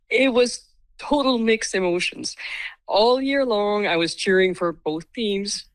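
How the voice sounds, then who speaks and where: A woman answering interview questions with a hoarse voice, talking in an animated, laughing way and restarting her thoughts. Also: mid-range voice, measured pace, no room sound. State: hoarse from cheering. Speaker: interviewee, hockey fan. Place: Laval.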